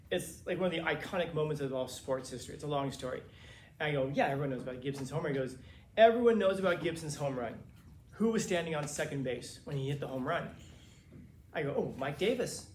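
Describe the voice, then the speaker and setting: A man from Los Angeles tells his class a story in a loose, lively way, acting out the other people's lines. His voice sits a little high. The classroom is roomy, with a faint hum of ambience behind him. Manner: casual, animated retelling with quoted dialogue. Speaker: teacher. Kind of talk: storytelling to students.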